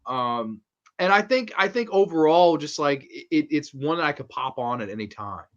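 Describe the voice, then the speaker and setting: A man's voice: fairly high pitch, expressive, normal speed, fairly bright tone, muffled recording. A man hosting a casual horror movie review chat, enthusiastic and laughing as he retells scenes, swearing freely. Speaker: horror movie podcast host.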